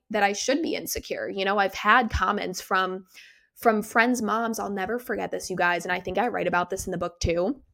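A young woman in her twenties hosts a podcast and tells a personal story in casual chat. She talks in a candid, animated way, with plenty of fillers and restarts, and her pitch sits in the middle. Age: 20s. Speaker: podcast host.

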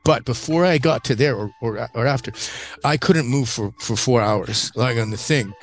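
A man with an even, mid-range voice hosts a relaxed podcast chat. He wanders through his stories in a loose, rambling way and gets animated as he tells them. Faint music sits under him. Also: mid-range voice, moderate pace. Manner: rambling, animated storytelling with acted-out quotes. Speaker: podcast host. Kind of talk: casual conversation.

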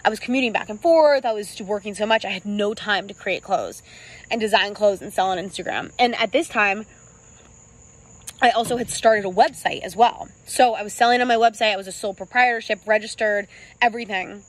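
A young woman in her twenties, the founder of a small clothing brand, telling her own story in a vlog, earnest and halting, with many ums and restarts, close to tears at times. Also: mid-range voice, rough recording.

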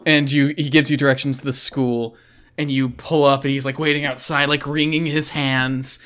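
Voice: medium pitch, little pitch movement, normal speed, fairly bright tone. A game master narrating a comic tabletop game scene, chatty and laughing often, with lots of fillers.

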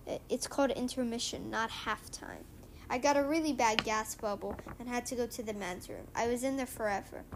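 A woman reading a comic book aloud and retelling its story in a halting way, with many restarts. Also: a little high, slight background noise. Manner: halting, with frequent restarts and fillers.

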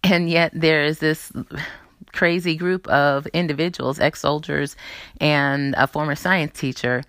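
A woman host with a lowish voice talks in a chatty, animated way. She slips into quoted voices as she tells a story. The sound is dry and close. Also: smooth, no echo. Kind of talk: casual chat and movie previews.

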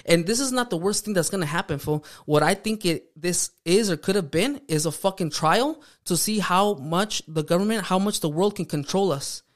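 Guy w/ a high voice, casual podcast chat, cusses constantly, street slang. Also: lively intonation, moderate pace, hardly any pauses. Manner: heavy swearing, slangy, drops "fool" and Spanish words. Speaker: podcast co-host.

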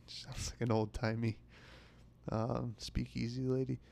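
A man's voice: medium pitch, little pitch movement, slow, vocal fry, mellow. A young man hosting a podcast, telling a rambling, self-mocking comic story and acting out other people's lines. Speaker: podcast host. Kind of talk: comedic storytelling monologue.

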